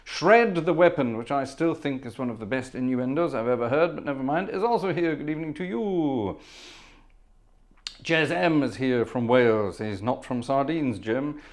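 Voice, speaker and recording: Chatty male livestream host, mid-pitched voice, jokey asides, reads out viewer names. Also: expressive, moderate pace. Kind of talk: casual livestream chat. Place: home music room. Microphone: headphones.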